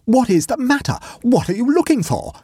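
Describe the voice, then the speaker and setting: Male reader putting on a fussy, whiny young toff in a storybook, high and shrill, husky edge. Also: big pitch swings, normal speed, dark tone, no room sound, full character voice. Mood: shrill, indignant. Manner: shrill and fretful. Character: plump peevish fussy young gentleman.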